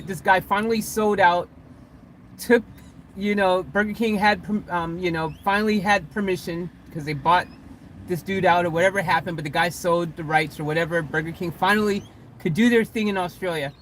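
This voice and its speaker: A vlogger talks loosely from inside a van, with a faint hum of noise behind. The story wanders and doubles back on itself, broken up by little chuckles and mid-sentence corrections. The voice sits at a middling pitch. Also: fairly bright tone. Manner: rambling, self-correcting, chuckling. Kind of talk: casual storytelling to camera.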